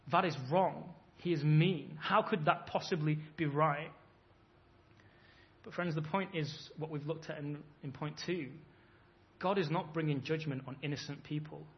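A man in his thirties preaching a sermon, emphatic and acting out imagined voices as he makes his points. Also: on the high side. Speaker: pastor. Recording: dull lo-fi sound.

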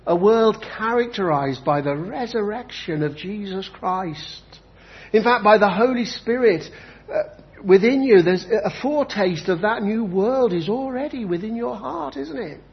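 A man preaching a sermon with emphatic delivery, repeating key phrases slowly for effect. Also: high voice, lively intonation, creaky. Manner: emphatic, with slow dramatic repetitions. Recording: dull lo-fi recording.

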